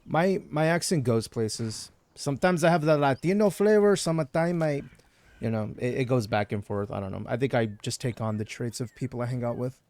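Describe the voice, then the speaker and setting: A man's voice: medium pitch, animated, a little fast, a little mellow, dry recording. A man from Texas chatting casually on a gaming livestream, rambling between topics and reading chat messages aloud. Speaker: streamer.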